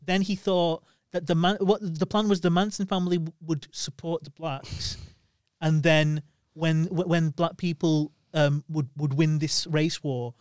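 A man from England co-hosting a podcast in casual chat, telling stories haltingly and repeating words. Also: fairly high pitch, fairly even intonation, darkish tone, smooth, dry recording, clean studio sound. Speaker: podcast co-host.

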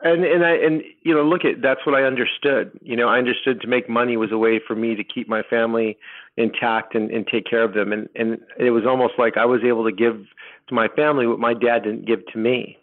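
A middle-aged man telling his personal story as a podcast guest, rambling and halting with many restarts. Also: medium pitch, steady tone. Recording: tinny phone line.

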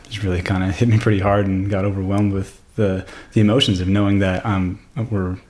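A man's voice: sits low, a little mellow. A man co-hosting a podcast, speaking hesitantly and with feeling. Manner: emotional, hesitant. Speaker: podcast co-host. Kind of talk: casual discussion.

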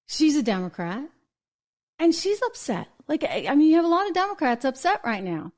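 A woman's voice: high voice, very animated, brisk, darkish tone. A woman from New Hampshire hosting an opinion show, indignant and full of rhetorical questions. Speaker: host.

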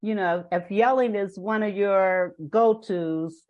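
A woman's voice: medium pitch, slow, muffled recording. An older woman talks as a guest on a parenting podcast. She tells her stories in an earnest, emphatic way and stresses her points with care. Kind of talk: podcast interview.

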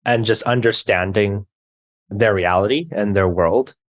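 A man's voice: lowish voice, measured pace. A man speaking as a founder guest in a podcast interview, reflective and earnest. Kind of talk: conversational interview.

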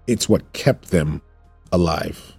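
Deep, husky man preaching informally. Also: expressive, slow pace, a little mellow, dry recording, soft background music. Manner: repetitive, emphatic, jokes and asides to viewers. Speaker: preacher teaching a Bible study. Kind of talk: informal sermon teaching.

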